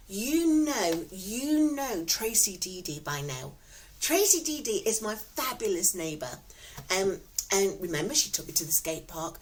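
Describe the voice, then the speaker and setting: A woman's voice: mid-range voice, rough recording. A woman with a Nottingham accent, casually telling stories to her viewers in a giggly, rambling way from home. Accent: Nottingham English. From England. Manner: warm storytelling, giggly, repeats herself. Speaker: vlogger. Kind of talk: casual chatty vlog.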